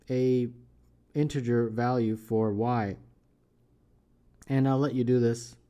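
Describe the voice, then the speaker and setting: A man with a mellow, warm voice walks through a math contest problem as a tutor. He thinks aloud as he works and keeps checking in with listeners by asking "right?". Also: medium pitch. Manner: thinks aloud while working problems, often adds "right?".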